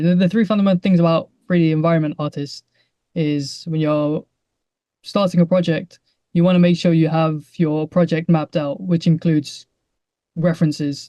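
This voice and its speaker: A man's voice: a little high, mellow, no room sound. A young man, a guest on a podcast, speaking hesitantly with restarts and admitting he rambles. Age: young adult. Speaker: guest, 3D environment artist. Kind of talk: podcast conversation.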